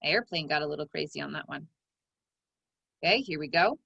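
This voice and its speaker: A woman teaching a phonics lesson to young children, sounding out each word part slowly and clearly. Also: deep voice, lively intonation, sharp tone, dry recording, muffled recording.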